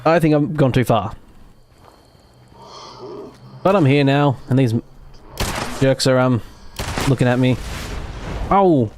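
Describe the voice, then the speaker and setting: Australian man, game streamer, mid pitch, rambling self-deprecating chat, swears freely. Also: takes it slowly, long pauses, darkish tone, a little hiss or hum. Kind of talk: live gameplay commentary chatting with viewers.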